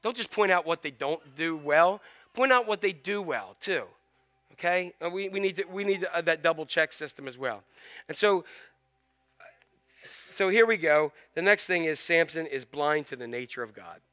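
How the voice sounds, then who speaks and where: Male pastor, high clear voice, animated sermon storytelling. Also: normal speed. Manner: animated storytelling, acts out scenes.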